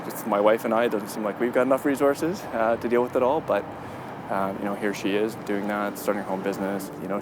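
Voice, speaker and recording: Hesitant low-voiced man on a street. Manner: hesitant, many fillers. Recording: outdoors with street noise.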